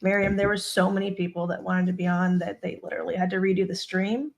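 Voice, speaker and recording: A woman's voice: lowish voice, flat delivery, quick pace, gravelly, a little hiss or hum. A woman speaking candidly and bluntly in casual livestream chat, supportive of her friends. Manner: candid, blunt, warm-hearted. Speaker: community member.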